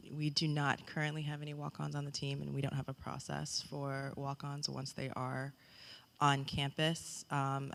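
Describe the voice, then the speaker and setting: Panel coach, gravelly, very flat delivery, faint room noise. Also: male voice, mid-range voice. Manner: plain, matter-of-fact. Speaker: college tennis coach. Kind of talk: panel discussion.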